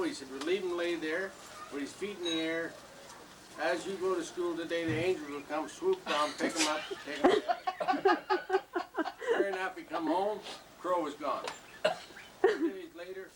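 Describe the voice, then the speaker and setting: A man telling a long joke at a family birthday party in a folksy, steady storytelling way. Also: fairly high pitch. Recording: distant home camcorder, noisy room.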